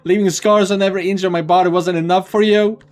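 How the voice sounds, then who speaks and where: A man reading the lines of a tortured young woman from a game, shouting with rising fury. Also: sits low, flat delivery, normal speed, faint music behind. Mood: bitter rage. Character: tortured young woman saint, enraged and vengeful.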